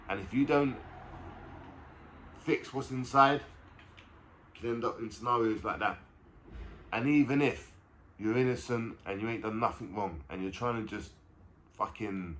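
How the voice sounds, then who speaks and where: A man's voice: on the low side, bright, forceful tone. A man giving a blunt, impassioned reaction-video commentary, swearing often. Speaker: vlogger.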